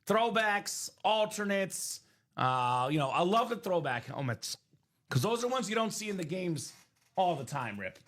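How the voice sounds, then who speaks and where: Guy hosting a card break stream, high voice, super animated. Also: unhurried. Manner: animated, explains rules to chat. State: coughing, losing his voice. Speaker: live card break host. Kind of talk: live stream sales chat.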